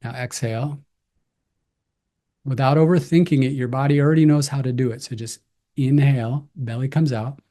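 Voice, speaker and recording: A man giving slow, calm, gentle breathing cues as a breathwork instructor. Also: mid-range voice.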